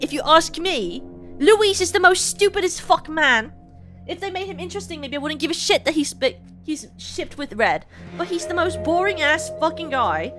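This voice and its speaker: A woman's voice: sits high, expressive, normal speed, a bit bright. A young woman streaming a game, ranting casually and swearing a lot. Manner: profane, ranting, exasperated. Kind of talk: casual gameplay rant. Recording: game music behind.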